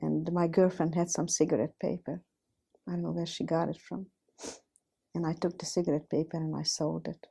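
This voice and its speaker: A woman's voice: low voice, flat delivery, moderate pace, vocal fry, warm tone, breathy edge. A woman in her fifties from Hungary, telling her life story in a plain, direct way and often repeating "I says". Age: 50s. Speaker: Holocaust survivor giving testimony. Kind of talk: recounting personal testimony.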